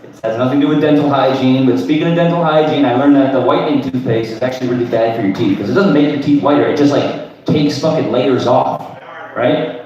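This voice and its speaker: A stand-up comedian in his thirties does crude, rambling open mic material on a comedy club stage, tagging his lines with "right?". His medium-pitched voice is quick and a little mellow, with a lo-fi sound picked up from far off in an echoey room.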